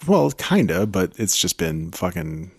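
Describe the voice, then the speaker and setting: A man's voice: deep voice, big pitch swings, a little slow, husky, no room sound, studio quality. A man co-hosting a podcast in casual chat, rambling and laughing, swearing freely. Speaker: podcast co-host.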